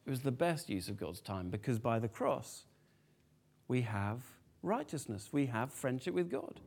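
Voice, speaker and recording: Preaching to a family congregation, this man sounds lively and animated, frequently putting questions to the room. His voice sits high.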